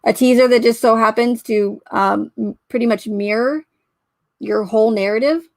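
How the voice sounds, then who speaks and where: A woman's voice: on the high side, moderate pace, darkish tone, no room sound. A woman giving casual commentary on a criminal case, skeptical and questioning as she picks apart details, often trailing off and restarting. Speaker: true crime commentator.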